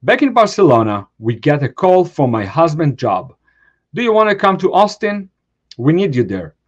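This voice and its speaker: A man's voice: fairly high pitch, very animated, moderate pace, lo-fi sound. A man hosting a show, reading a post aloud in short phrases and adding brief comments of his own. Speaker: host.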